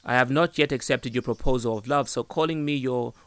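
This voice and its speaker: A man voicing a sharp-tongued young woman who answers with sarcasm and brisk retorts, in a storybook reading. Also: mid-range voice, clear, resonant tone, no room sound, close to an everyday voice. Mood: lecturing.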